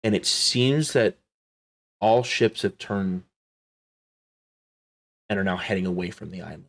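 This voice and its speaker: A man narrating a tabletop game as game master, slow and dramatic, dropping to hushed tones. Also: low voice, vocal fry.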